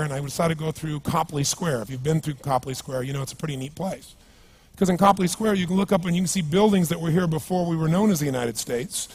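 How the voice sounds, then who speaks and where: A man giving a motivational seminar talk to a live audience, energetic and emphatic, telling stories and asking the crowd rhetorical questions. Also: a little high, brisk, husky. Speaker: motivational speaker.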